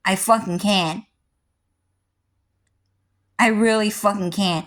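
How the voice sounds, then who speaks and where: A woman's voice: on the low side, fairly even intonation, moderate pace, long pauses. Foul-mouthed woman ranting erratically. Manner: heavily profane, rambling and erratic, swinging between loud and muttered. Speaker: vlogger. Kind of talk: rambling livestream rant.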